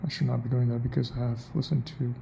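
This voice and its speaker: Gravelly, flat-voiced man musing aloud. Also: mid-range voice, quick pace, background noise. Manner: muses aloud, repeats phrases to try them out. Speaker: accent practice vlogger. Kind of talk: thinking-aloud monologue.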